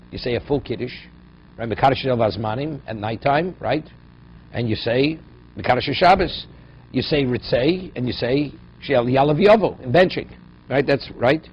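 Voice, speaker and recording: Man teaching Talmud. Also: medium pitch. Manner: explains Aramaic phrases in English, asks "right?" often. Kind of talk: daily Talmud class. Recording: dull lo-fi recording with faint noise.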